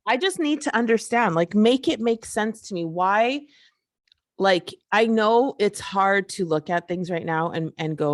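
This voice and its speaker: A woman's voice: medium pitch, lively intonation, measured pace. A woman hosting a solo podcast, ranting in a frustrated, emphatic, profane way. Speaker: podcast host. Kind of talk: casual solo podcast rant.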